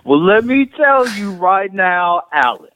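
A man's voice: high-pitched, big pitch swings, slow, voice pushed up, full character voice. A man voicing a cocky, fight-ready young tough guy from New Jersey, with a put-on New Jersey accent and a cackling laugh. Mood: boastful. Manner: boastful, cackling between lines. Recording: loud background noise.

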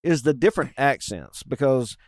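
A man's voice: mid-range voice, expressive, moderate pace, a little mellow, no echo, studio quality. A man co-hosting a casual chat, playful and asking jokey questions.

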